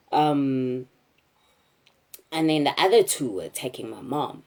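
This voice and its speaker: A young South African woman telling a personal story to camera, candid and halting, with frequent fillers. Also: a bass voice, darkish tone.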